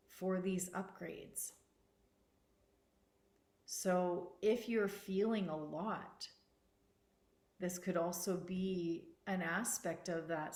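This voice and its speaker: Slow, earnest woman spiritual teacher. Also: fairly low pitch, roomy sound. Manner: slow, soft and earnest, repeating words for emphasis.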